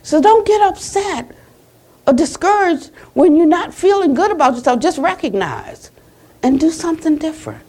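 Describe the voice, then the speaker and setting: An American woman Buddhist teacher giving a conversational dharma talk at a retreat center, retelling conversations and closing with a soft blessing. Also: very high voice, lively intonation, moderate pace.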